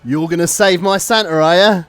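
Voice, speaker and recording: A blunt, brash British strongwoman who swears and calls everyone mate, loud and a bit raised in pitch, as a man does her voice. Faint music plays behind. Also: moderate pace, clear, resonant tone, no room sound. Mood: boisterous. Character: tough muscular woman, blunt and protective.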